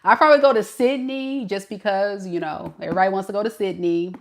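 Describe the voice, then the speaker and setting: Woman tarot reader from the southern US, live stream, slow-paced and chatty. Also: lowish voice, slight background noise. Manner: chatty, laughs often, talks to live chat. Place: home at night.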